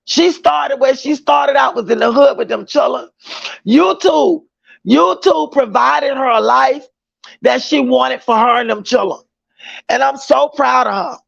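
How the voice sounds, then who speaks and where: Woman livestream host, very gravelly high voice, dry lo-fi sound, greets viewers by name, loose slangy chat. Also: unhurried.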